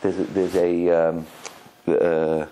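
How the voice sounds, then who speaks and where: A man, a rabbi, giving a Torah lecture, telling stories animatedly, often repeating and restarting words, and acting out quotes with sudden high cries. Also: slow pace, background noise. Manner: animated storytelling, acts out quotes with high exclamations.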